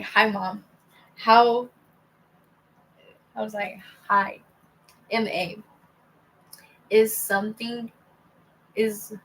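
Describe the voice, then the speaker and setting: Slow, gravelly-voiced young woman rambling. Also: medium pitch, rough recording. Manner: rambling, halting, reads out texts. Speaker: vlogger. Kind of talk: casual personal storytelling.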